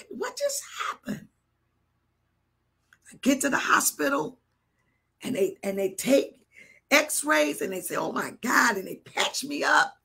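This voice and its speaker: An older woman bishop preaching a live sermon, telling a personal story with animated swings between hushed and shouted delivery. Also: high-pitched, creaky, breathy edge.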